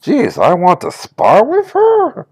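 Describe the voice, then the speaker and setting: A man's voice: sits high, breathy edge, no room sound, clean studio sound. A man playing a ship captain in a tabletop game, talking in character with many restarts. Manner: halting, restarts a lot, swoops up when excited.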